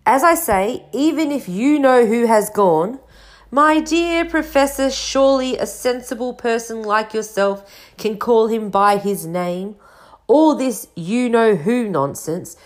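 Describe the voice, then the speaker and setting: A woman voicing an old male wizard headmaster who speaks calmly and gently, with a touch of teasing. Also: fairly high pitch, takes it slowly, pitched above the performer's own voice. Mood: gentle. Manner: calm, gentle, mildly teasing.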